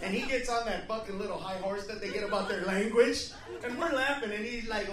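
A man performing a stand-up comedy set, loud and profane, jumping into shouted voices. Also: high-pitched, fairly quick, far from the mic, noisy background. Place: comedy club stage. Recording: roomy live club sound, crowd audible. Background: audience laughter.

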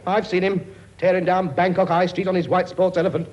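A man with a high-pitched, steady voice speaks briskly as a bossy king, a cockney-style father of a huge brood, trading brash jokes in a studio sketch. His delivery sits close to an everyday voice, while the lo-fi recording carries heavy background noise.

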